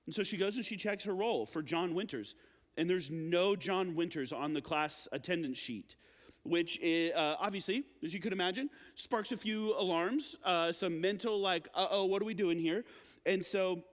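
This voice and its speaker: High-voiced young man preaching in a hall. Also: normal speed. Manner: casual, animated storytelling with many fillers. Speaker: youth pastor. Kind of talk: youth sermon. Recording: long reverb of a large hall.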